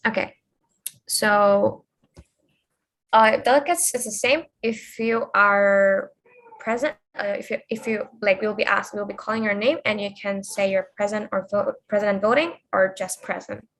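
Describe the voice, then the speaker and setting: A woman's voice: medium pitch, fairly even intonation, unhurried, fairly bright tone. A woman chairing an online committee, calling the roll over a video call in a hesitant way with many fillers.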